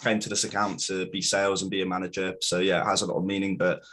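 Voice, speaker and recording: A man's voice: sits low, little pitch movement, quick pace, a bit bright. A man who works in sales, talking about his work in a reflective way with some hesitations as a guest. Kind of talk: casual interview chat.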